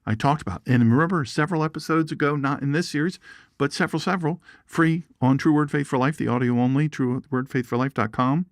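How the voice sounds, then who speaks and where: A man's voice: on the high side, fast, no room sound, clean studio sound. A man hosting an informal Bible teaching show, folksy and chatty, with jokes and asides. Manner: folksy and animated, asides and jokes, reads viewer comments.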